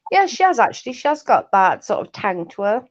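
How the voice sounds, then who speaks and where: A woman's voice: on the high side, very animated, fairly quick. A woman chatting casually on a livestream, laughing often and telling rambling stories. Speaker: guest co-host. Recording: muffled lo-fi stream audio.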